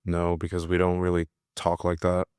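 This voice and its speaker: A man's voice: low voice, monotone, normal speed, clear, resonant tone, no echo, clean studio sound. A man who fights, speaking thoughtfully and candidly in a casual podcast conversation. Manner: thoughtful, candid, with soft laughs.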